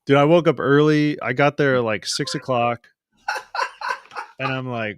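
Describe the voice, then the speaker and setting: A man's voice: mid-range voice, normal speed, clear, resonant tone. A man hosting a casual live-stream hangout, chatty and laughing as he tells stories. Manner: chatty storyteller, laughs often, restarts mid-sentence. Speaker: host.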